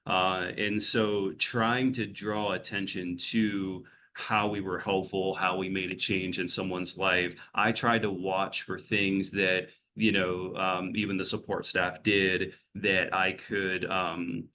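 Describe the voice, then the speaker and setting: A man's voice: low voice, level tone, measured pace, few pauses, bright, forceful tone, slight background noise. A man working as a behavioral health clinician, answering interview questions in a rambling, casual way, full of fillers and restarts.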